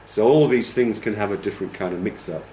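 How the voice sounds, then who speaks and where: A male teacher trainer talks fast during a classroom lecture, yet explains patiently, checks in with "okay?", and hums and counts to show rhythms. His voice is on the low side and warm, and the reverberant recording carries a little hiss or hum.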